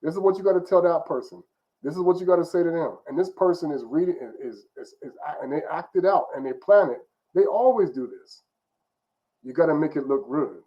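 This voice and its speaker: A man's voice: fairly high pitch, expressive, a little fast, dull audio. A man giving an informal religious teaching in an emphatic, repetitive, conversational way. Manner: emphatic, repetitive, conversational, often restarts phrases. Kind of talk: informal preaching monologue.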